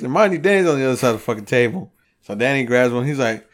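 A man's voice: medium pitch, fast. Guy on a podcast telling a wild story, cussing a lot, doing everyone's lines. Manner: profane, animated storyteller acting out quotes. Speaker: podcast co-host. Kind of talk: casual storytelling chat.

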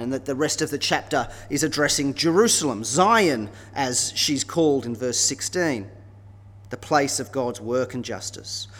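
A man preaching a sermon in a conversational, expressive way, often checking in with tag questions. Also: mid-range voice, measured pace. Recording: long reverb of a large hall.

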